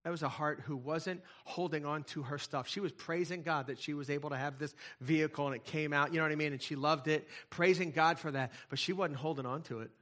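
A middle-aged male pastor preaching in a conversational way, moving from hushed asides to loud, fervent passages. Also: fairly high pitch, steady tone, a little fast, few pauses. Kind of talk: sermon.

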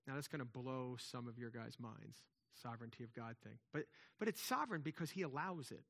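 Bright-voiced male pastor preaching. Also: mid-range voice, fairly quick, vocal fry. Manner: conversational preaching, emphatic swells, many restarts. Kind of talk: sermon.

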